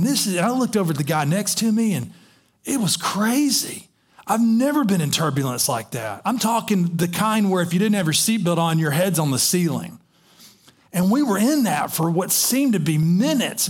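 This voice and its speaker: A man preaching a sermon, telling a story in an animated way with many restarts. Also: fairly high pitch.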